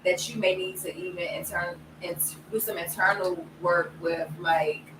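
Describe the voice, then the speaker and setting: Bright-sounding woman musing in a group chat, mic far off, faint hiss. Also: on the low side, fairly even intonation, unhurried. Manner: reflective, acts out her own past outbursts. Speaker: panel guest. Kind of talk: casual group discussion. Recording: roomy, distant mic with faint noise.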